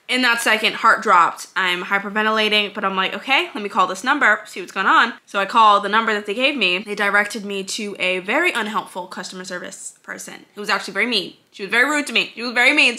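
A young adult woman, a college vlogger, dramatically telling a casual storytime with lots of "like". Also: mid-range voice. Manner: animated, dramatic retelling with frequent 'like'. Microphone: handheld mic prop, not connected.

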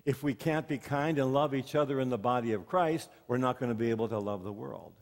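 A briskly paced man of medium pitch preaches as pastor, weaving folksy stories and rhetorical questions for the congregation. The church sanctuary adds long hall reverb.

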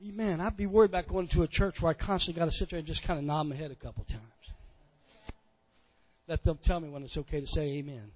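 Male pastor, high voice, folksy sermon with constant amens, dull recording in a reverberant church. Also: fast, husky. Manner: folksy preaching with frequent amens, swelling loud on key phrases. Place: church sanctuary.

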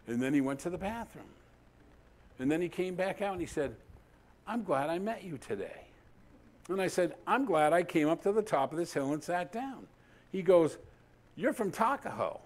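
Animated man preaching through a story. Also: on the high side. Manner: animated storyteller acting out dialogue, dramatic pauses. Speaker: pastor. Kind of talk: sermon with storytelling.

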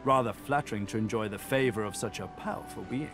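An actor voicing a middle-aged, calculating gentleman in a video game, smooth and courtly with a faintly sardonic edge. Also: fairly low pitch, quick pace, lightly acted. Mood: suave. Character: suave, calculating male ship passenger. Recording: game audio with loud music behind. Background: game music.

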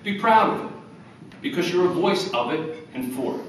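A man's voice: fairly high pitch, expressive, normal speed, far from the mic, a little hiss or hum. Man giving a speech in an echoey ballroom. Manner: earnest with wry humor. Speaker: award recipient. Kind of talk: acceptance speech to an audience. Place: large hotel ballroom.

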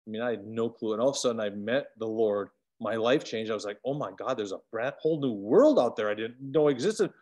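A man teaching an online Bible study over a video call, animated, swinging between loud emphatic bursts and quiet asides. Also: mid-range voice, fairly quick, hardly any pauses.

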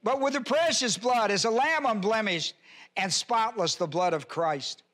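A male pastor teaching a sermon verse by verse, reading scripture aloud and slowing down to stress key words. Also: high-pitched, fairly bright tone. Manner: reads scripture aloud and spells out Greek words. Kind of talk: expository Bible teaching sermon.

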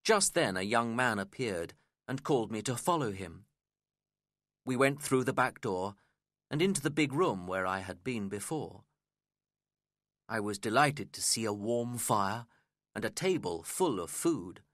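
A man reads a story aloud in a slow, deliberate, clear way meant for language learners. His pitch moves a lot, and his tone is bright. The sound is close and dry. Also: expressive, dry recording. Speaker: narrator. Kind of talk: scripted narration of a graded reader story.

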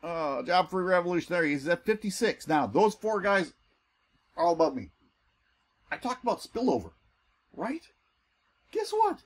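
Man, husky, fairly high voice, excitable sales pitch over a screen share. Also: moderate pace, pauses often. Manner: excitable and salesy, pitch jumps when enthused. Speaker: network marketing recruiter.

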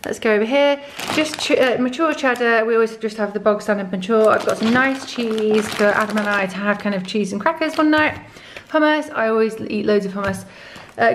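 A woman chats through her shopping in a relaxed, rambling way, full of ums and restarts. Her voice sits slightly high and she sounds a little short of breath. A faint background hiss runs under the recording. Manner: chatty, rambling with fillers and restarts. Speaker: vlogger. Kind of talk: casual grocery haul chat.

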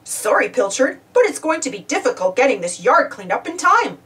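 A woman's voice: sits high, very animated, fairly quick, a bit bright, distant mic. A woman voicing a cheerful, hardworking male builder in a storybook reading, kindly and patient.

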